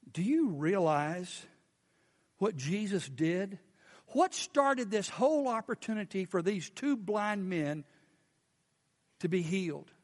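A man preaching a sermon as pastor, animated and firing questions at the congregation. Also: high voice, slow pace, big-room sound.

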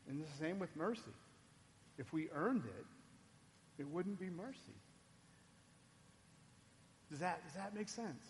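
A man preaching a sermon, dropping soft and low and then rising loud and emphatic. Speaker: pastor. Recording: long hall reverb.

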